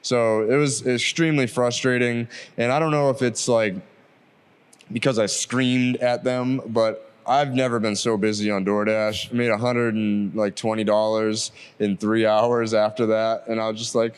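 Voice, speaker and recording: A young delivery driver tells a story casually and with lots of animation, acting out the quoted dialogue. His voice is fairly low, clear and resonant, at a moderate pace.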